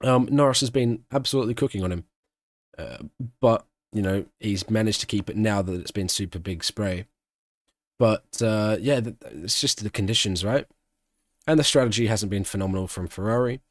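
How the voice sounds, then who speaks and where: A man's voice: on the low side, moderate pace, no room sound. Chatty man giving live race commentary. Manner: chatty, answers chat questions, breaks into excited shouting at big moments. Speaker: streamer hosting an F1 watch-along.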